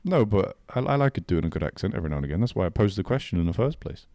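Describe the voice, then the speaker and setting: A man's voice: low-pitched, big pitch swings, gravelly, mellow, no room sound. A young man from England with an English accent, co-hosting a casual podcast chat in a joking, playful way. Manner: joking, playful, quick to mimic voices. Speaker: podcast co-host.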